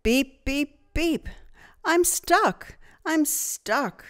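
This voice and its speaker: A woman voicing a friendly little pickup truck in a children's storybook, calling out in a high, bright voice. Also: sing-song, takes it slowly, clear, resonant tone. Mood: panicked.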